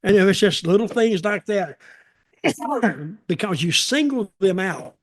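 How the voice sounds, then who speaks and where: Older man telling folksy stories, higher voice. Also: animated, unhurried, dry recording, clean studio sound. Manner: folksy, rambling, acts out quoted voices. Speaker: storytelling show host, former wrestler. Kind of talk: casual storytelling.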